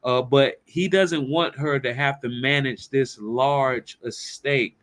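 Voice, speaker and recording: A man's voice: medium pitch, takes it slowly, fairly bright tone. A man presenting a workshop, telling a story and asking the audience rhetorical questions in a conversational way. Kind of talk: storytelling in a seminar talk.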